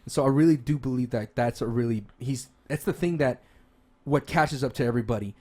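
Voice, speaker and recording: Mid-range and a little mellow, his voice moves slightly fast as he co-hosts a casual podcast about games and movies. His enthusiastic chat rambles, with lots of fillers and false starts.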